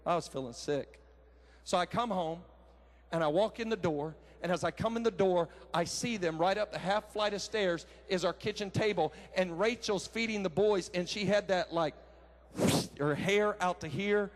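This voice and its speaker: A high-pitched man in his thirties preaching to a crowd. He tells homespun family stories in an animated way, jumping into loud acted quotes. A lively, folksy pulpit style. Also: moderate pace. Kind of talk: sermon with personal story. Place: large conference hall.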